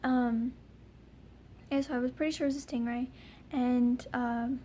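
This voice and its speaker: A woman's voice: on the high side, steady tone, unhurried, dark tone, slight background noise. A young woman telling a personal story in a casual vlog, rambling with lots of ums and likes. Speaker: vlogger.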